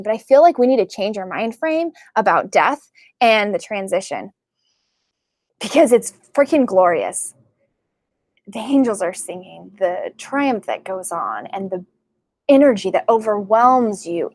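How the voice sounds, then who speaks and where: A woman working as a psychic medium, talking casually and excitedly to her viewers, full of fillers and "like". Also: on the high side, measured pace, no echo. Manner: chatty and excitable, many fillers and likes. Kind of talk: casual spiritual talk to camera.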